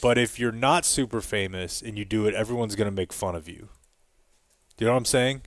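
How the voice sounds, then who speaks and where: A man co-hosting a podcast, chatting casually and jokingly about sports, quick to laugh. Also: lowish voice, dry recording, clean studio sound. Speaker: podcast co-host. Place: live stream from a club.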